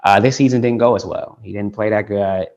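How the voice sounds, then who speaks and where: This is a tech founder from Detroit, United States, being interviewed over dull lo-fi call audio. His voice is on the low side and darkish, fairly quick with fairly even intonation, and he rambles casually with lots of "like" and restarts.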